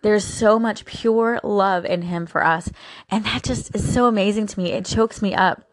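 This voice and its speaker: A woman's voice: mid-range voice, normal speed, dry recording, studio quality. A woman hosting a daily encouragement show, talking casually and with open emotion about her faith, with frequent fillers. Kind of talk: casual devotional talk.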